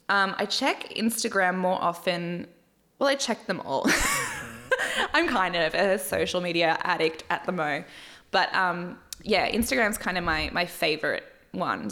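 Australian woman, casual recap host, chatty and giggly, swears a lot, middle pitch, slow delivery. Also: fairly bright tone. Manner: gushing, swears freely, frequent giggles. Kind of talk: casual chat.

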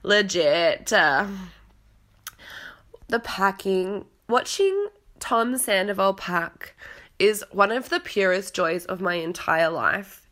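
A woman hosting a casual podcast, gossiping in a chatty, loose way full of filler words. Her voice sits at an ordinary middle pitch. She turns dramatic when she acts out what others said. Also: lively intonation, slow pace, fairly bright tone. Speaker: podcast host recapping a reality show. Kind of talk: casual chat.

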